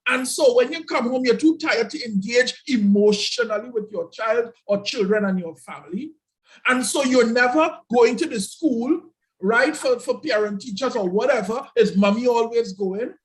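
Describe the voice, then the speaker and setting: High-voiced man giving a talk. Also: normal speed, poor audio. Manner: emphatic, repeats key phrases. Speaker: guest speaker. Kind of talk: motivational talk. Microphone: video call.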